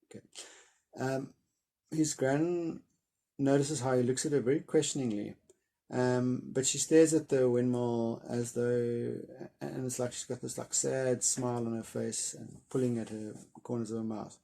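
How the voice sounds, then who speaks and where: A man reading a chapter of a children's novel aloud, then retelling it in a loose, hesitant way with many pauses. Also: mid-range voice, steady tone, gravelly, mellow.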